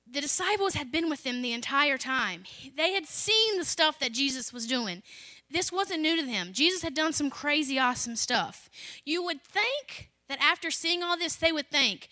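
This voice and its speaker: A young woman, a children's pastor, praying and preaching in a lively way and reading scripture aloud with dramatic jumps in loudness. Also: sits high, normal speed, dry recording. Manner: animated, acts out quotes with sudden loud rises. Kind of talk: prayer and sermon with scripture reading.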